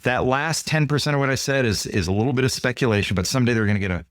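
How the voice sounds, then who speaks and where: A man, a guest author and consultant, explaining ideas in an interview with lively stories. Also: medium pitch, very fast, no echo, studio quality. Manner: animated, acts out dialogue in quoted voices. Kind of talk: storytelling interview answers.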